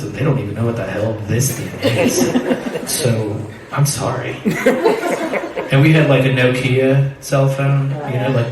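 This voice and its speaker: A man's voice: medium pitch, heavy reverb, far from the mic, low-quality recording. A man telling a profane, rambling personal story and laughing through it. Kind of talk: live storytelling.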